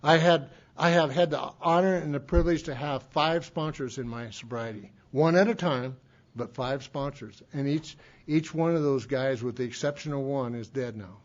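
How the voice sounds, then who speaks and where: A man's voice: medium pitch, moderate pace. Folksy man telling a story, lo-fi tape. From Montana. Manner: folksy, rambling, many restarts and chuckles. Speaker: speaker at a recovery meeting. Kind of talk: storytelling talk. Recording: dull lo-fi tape recording.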